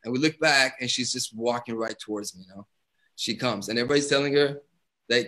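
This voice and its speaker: A man's voice: medium pitch, fast, a bit bright, low-quality recording. A young adult man, a rapper from Iran, telling a story in a casual live interview, acting out the quotes and laughing often. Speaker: guest rapper.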